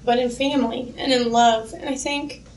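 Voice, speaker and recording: A woman's voice: a little high, fairly even intonation, normal speed, a crowd in the background. A woman speaking at a church workshop, sharing heartfelt stories about youth ministry and her kids. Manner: heartfelt, storytelling, laughs easily. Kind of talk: workshop talk. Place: conference room. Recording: echoey room with faint ambience.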